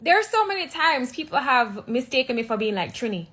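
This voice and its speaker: A Jamaican woman rants straight to camera, her high voice sassy and emphatic. She mocks and scolds her critics without letting up. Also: sing-song, moderate pace, fairly bright tone. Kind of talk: ranting to camera.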